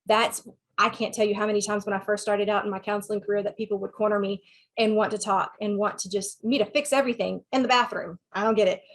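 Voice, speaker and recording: A woman's voice: medium pitch, fairly even intonation, fast. A woman with a Southern US accent, a sex therapist giving a talk and answering questions in a frank, conversational way.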